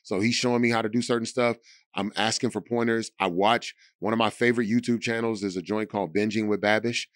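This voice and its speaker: A man in his thirties with a lower voice, chatting as a podcast guest. He tells stories animatedly, jumping into quoted voices. The room sound is dry and close. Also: quick pace, no room sound. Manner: animated storyteller, slips into quoted voices and big pitch swings. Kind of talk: casual chat.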